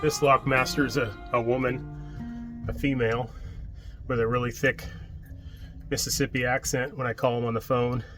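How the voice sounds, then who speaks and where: A man's voice: mid-range voice, little pitch movement, moderate pace, pauses often, music in the background. A man narrating a casual travel vlog from a small boat, talking in a rambling, easygoing way with frequent restarts. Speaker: vlogger and boat captain. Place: outdoors on a small boat on a waterway. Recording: boat engine and water noise.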